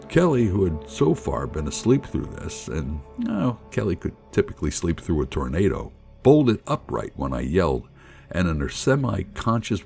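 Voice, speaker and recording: A middle-aged man telling a personal story in an animated, colloquial, jokey way. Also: deep voice, moderate pace, gravelly, soft background music. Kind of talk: personal anecdote narration.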